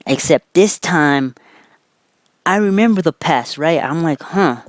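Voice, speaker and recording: Speaking a little slowly in a voice on the high side, recorded without echo, a young man rambles through a casual vlog story. He's loose and profane, with fillers and restarts, ending nearly every phrase with "right?"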